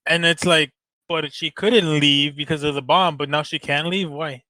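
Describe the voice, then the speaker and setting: A man co-hosting a casual podcast in a joking, slangy, laid-back way, with a bit of swearing. His voice is fairly high and very bright and forceful. It sounds dry and close, with almost no room around it. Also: moderate pace, dry recording. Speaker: podcast co-host. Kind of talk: casual chat.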